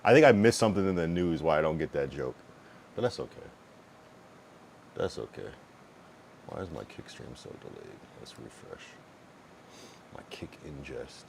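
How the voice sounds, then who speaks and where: Deep-voiced streamer, blunt and profane. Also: male voice, expressive, moderate pace, vocal fry, long pauses, darkish tone, slight background noise. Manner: blunt, profane and rambling, with many fillers; talks to chat while fiddling with his stream setup. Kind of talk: casual livestream chat.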